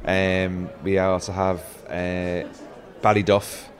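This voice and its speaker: A man with an Irish accent telling rambling, animated stories in a casual chat. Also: sits low, slow pace. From Ireland.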